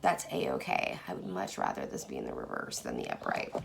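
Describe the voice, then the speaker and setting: A woman chatting casually through a tarot reading, effusive, moving from hushed asides to excited bursts. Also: rumbling low, fairly quick, gravelly. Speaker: tarot card reader.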